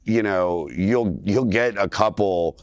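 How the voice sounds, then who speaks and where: A male comedian guest on a morning TV show, telling stories in a lively, animated way and acting out quotes in high voices. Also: slow, smooth, no room sound. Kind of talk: casual morning TV chat. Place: TV studio.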